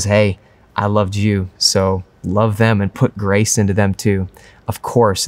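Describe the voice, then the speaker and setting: A man's voice: lowish voice, no room sound. A young man preaching a sermon as pastor, earnest and conversational.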